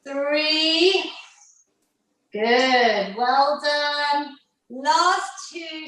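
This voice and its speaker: A woman's voice: high-pitched, slow, a bit bright. A woman fitness instructor leading an online workout class, upbeat and encouraging, counting down the reps. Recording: very echoey room, mic far off.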